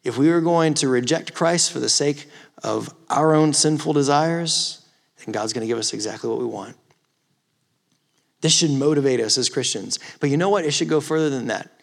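A man's voice: a little high, lively intonation, moderate pace. Impassioned man preaching a youth sermon. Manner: impassioned, rising to emphatic exhortation. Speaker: youth pastor. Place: church or youth hall.

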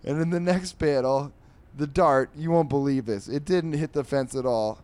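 A man's voice: on the high side, darkish tone, dry recording. A man hosting a comedy podcast, reading newspaper comics aloud with rambling, sarcastic asides. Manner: does quick voices for characters. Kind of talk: casual comic reading with commentary.

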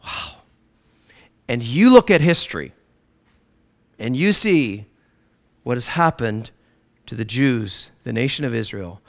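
A man preaching a sermon, swinging between loud declarations and low, hushed lines. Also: lively intonation, slow, vocal fry, long pauses.

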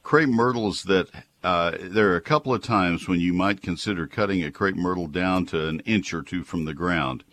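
A man hosts a call-in garden show from a radio studio. His voice sits very low and deep. He explains things patiently, with a polite, helpful manner toward each caller. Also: normal speed, fairly bright tone.

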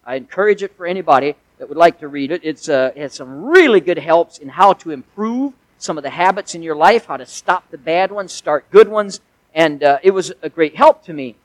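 A man's voice: on the high side, animated, a little fast, no echo, rough recording. A male pastor delivering a sermon in a conversational way, with folksy asides and emphatic swells.

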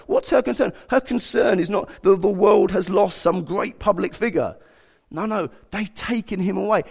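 A man delivers a sermon with a lively, swooping delivery and a gravelly edge to his voice. He talks conversationally and slips into voices to act out the quotes. His pitch sits on the higher side for a man. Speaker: preacher.

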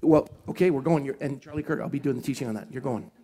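A Scottish pastor with a mid-range voice preaches at a live event, telling stories animatedly and tossing in quick asides.

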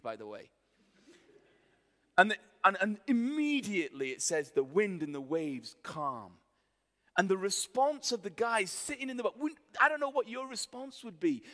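A man preaching a sermon, telling the story in a lively, colloquial way and acting out the voices of the people in it. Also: sits high. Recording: long reverb of a hall.

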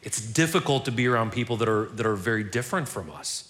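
A man's voice: on the low side, animated, quick pace, fairly bright tone. A man preaching a sermon as pastor in a church, casual and conversational, often repeating words as he restarts.

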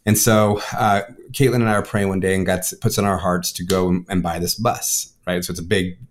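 A man, a pastor, telling his life story in casual conversation, rushing with repeated words and restarts. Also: low-pitched, level tone. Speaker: pastor and guest. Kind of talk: casual spoken testimony.

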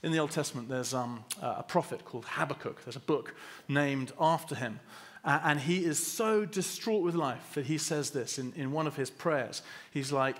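A man's voice: a little high, normal speed, fairly bright tone. A man giving a conversational church sermon, acting out quotes and often restarting words. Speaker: preacher.

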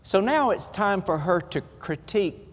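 A man's voice: high-pitched, expressive, normal speed, in a large hall. A man with a Southern US accent preaching a sermon, telling folksy, self-deprecating stories with humor. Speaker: pastor.

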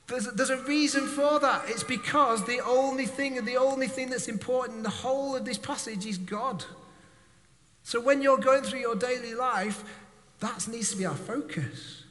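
Brief: male preacher with a bright, high voice, casual and joking, speaking to a congregation in a reverberant hall. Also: moderate pace. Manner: conversational, jokey, addresses the congregation directly. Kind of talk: sermon.

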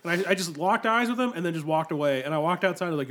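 Man, thirties, high voice, fast talker, rambling casual storyteller. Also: fairly bright tone. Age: 30s. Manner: rambling storyteller, self-described non-confrontational. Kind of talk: casual chat.

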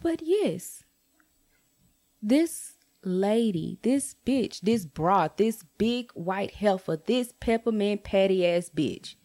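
A young adult woman telling a casual storytime rant to her viewers, blunt and profane, with jumps to high exclamations. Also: slow. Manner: animated, swings to high exclaims. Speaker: vlogger.

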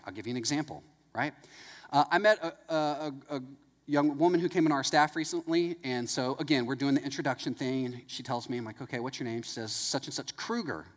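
Man, sermon, casual anecdotes, slightly high pitch, reverberant hall. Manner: conversational, anecdotal, full of "like". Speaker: pastor.

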